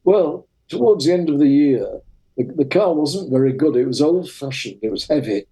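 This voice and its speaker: A man's voice: a little high, normal speed, rough recording. Older Lancashire man telling stories. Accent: Lancashire English. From Lancashire, England. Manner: lively, vivid storyteller. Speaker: guest, retired racing driver. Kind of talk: interview anecdotes.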